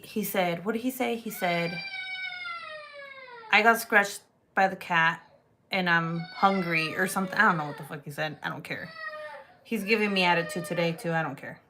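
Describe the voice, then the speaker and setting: A woman's voice: fairly low pitch, normal speed, pauses often, noisy background. A woman chatting casually at home while making polymer clay pieces, candid and profane, often laughing. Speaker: polymer clay crafter vlogger. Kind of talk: casual chat while crafting.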